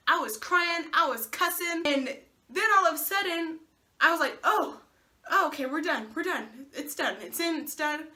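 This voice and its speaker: Young woman, casual vlog storytelling, animated, bright and fairly high voice. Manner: animated, acts out dialogue, laughs and swears. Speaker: vlogger.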